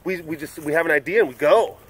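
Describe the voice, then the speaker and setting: A man's voice: fairly high pitch, fast, husky. A man hosting a casual, rambling talk, chuckling often and restarting his sentences. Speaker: host. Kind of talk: casual rambling podcast chat. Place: animal compound.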